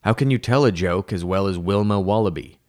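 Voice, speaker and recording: A man with a very low voice narrates a funny children's book, recorded close and dry. He plays a rambling, deadpan joke teller who keeps stopping to correct himself. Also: brisk, no echo. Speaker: audiobook narrator. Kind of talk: humorous scripted narration for children.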